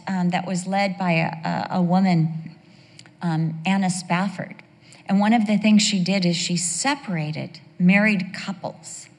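A woman preaching a sermon, emphatic, slowing down on key phrases and breaking into playful asides. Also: medium pitch, in a large hall.

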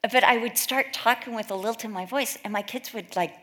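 A middle-aged Californian woman with a fairly high, fairly bright voice speaks briskly in an informal talk to a women's Bible study. She chats through anecdotes, acting out the voices of the people she quotes.

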